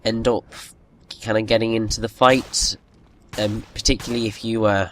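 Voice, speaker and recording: A man's voice: fairly low pitch, level tone, moderate pace, fairly bright tone, slight background noise. Chatty man narrating gameplay. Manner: chatty, rambling, with frequent restarts and self-mocking asides. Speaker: gaming video host. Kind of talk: casual gameplay commentary. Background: game music.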